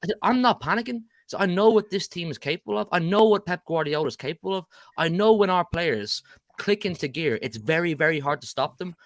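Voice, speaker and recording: Fast, confident man defending his club. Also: on the high side, expressive, dry recording, clean studio sound. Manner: confident, defensive, dismissive of rivals. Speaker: Man City fan panelist. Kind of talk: casual football debate.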